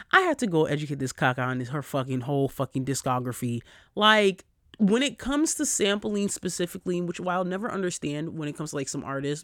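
A man's voice: a little high, creaky, dry recording. Profane, fired-up podcast guy, dry sound. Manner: profane, animated storyteller. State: recovering from a cold. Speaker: podcast host. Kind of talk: casual solo podcast rant.

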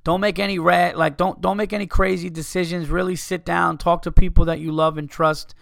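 A man's voice: high voice, little pitch movement, brisk, creaky, a bit bright, no room sound, clean studio sound. A man hosting a podcast, reading listener messages aloud in a loose, profane, casual way and stumbling over the text.

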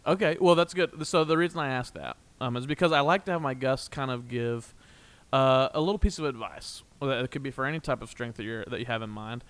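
A man's voice: medium pitch, fast, fairly bright tone, clear, resonant tone. A young man hosting a casual podcast, rambling and playful, often laughing. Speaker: podcast host. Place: small room, in doors.

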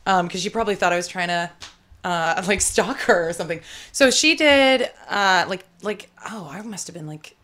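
A woman's voice: lowish voice, moderate pace, a bit bright. Chatty woman telling a rambling story. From United States. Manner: rambling, many fillers, laughs while telling. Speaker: guest, actor. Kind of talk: casual storytelling chat.

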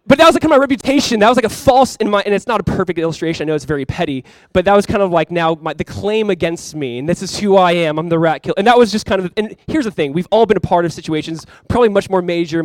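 A man's voice: sits high, dry recording. A young man preaching a sermon as pastor, telling stories in a casual way and acting out quotes with animation.

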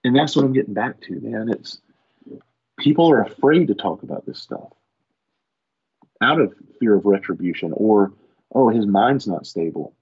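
A man tells a crude work story in casual podcast talk, slipping into the voices of the people in it. His low voice is husky and a little breathy. The recording sounds dull and lo-fi. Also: normal speed, long pauses. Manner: profane, animated storyteller acting out quotes. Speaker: firefighter guest.

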